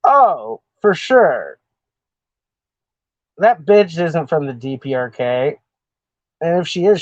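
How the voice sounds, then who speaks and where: A Texas man with a fairly high voice chats loosely with his live-stream audience, swearing freely and breaking into laughs as he rambles between comments. He speaks slowly with big pitch swings and frequent pauses, and the recording is dull, lo-fi, dry, and close with no room sound.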